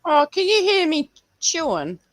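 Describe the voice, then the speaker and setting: A woman's voice: extremely high pitch, very animated, unhurried, no echo, clean studio sound. A woman from Australia, joining a casual chat and sounding apologetic.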